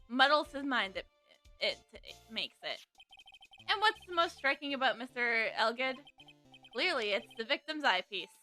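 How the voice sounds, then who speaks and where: A woman's voice: high voice, sharp tone. Woman doing a smug coffee-loving male prosecutor. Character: cool, sardonic coffee-drinking male prosecutor.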